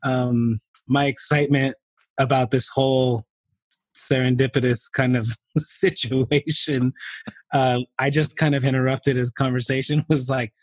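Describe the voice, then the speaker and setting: A man's voice: medium pitch, little pitch movement, measured pace, no room sound. A man telling a rambling story to a podcast host, laughing often and leaning on fillers. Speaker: podcast guest. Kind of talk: casual anecdote telling.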